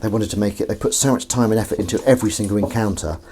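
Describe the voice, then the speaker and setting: A man hosts a live stream, reading viewer comments and chatting casually and jokingly in a rambling, self-deprecating manner. His voice is lowish and very fast, and the recording is very noisy.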